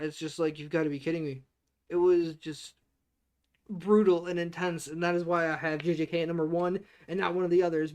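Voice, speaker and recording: With a mid-range voice, a streamer rambles excitedly through casual livestream chatter, leaning hard on words while reacting to an anime season.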